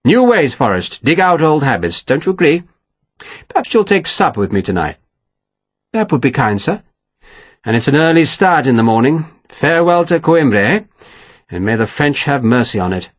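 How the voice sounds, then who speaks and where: A man's voice: fairly high pitch, sing-song, normal speed, dry recording. A man voicing a genial, evasive colonel who speaks in a grand, placating way.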